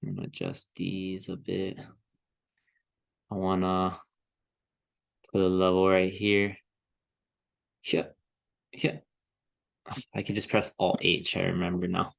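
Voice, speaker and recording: A man talks through charts in an unhurried, easygoing way, thinking aloud with plenty of fillers and restarts. His voice sits low with a gravelly fry, and he now and then chuckles to himself. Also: fairly bright tone. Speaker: crypto trading vlogger. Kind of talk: casual chart analysis commentary.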